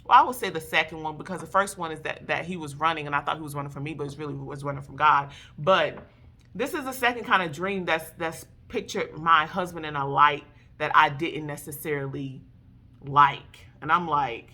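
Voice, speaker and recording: A woman sharing a personal faith testimony and exhorting wives, animated and emphatic, calling her listeners "baby". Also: sits low, fairly quick. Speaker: faith vlogger addressing wives.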